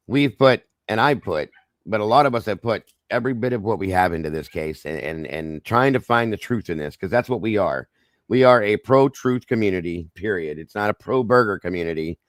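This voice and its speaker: A hoarse man hosting a true-crime livestream, greeting viewers by name and ranting angrily with plenty of swearing. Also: on the low side, no room sound, clean studio sound. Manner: angry, ranting, swears freely. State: hoarse, losing his voice. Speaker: livestream host.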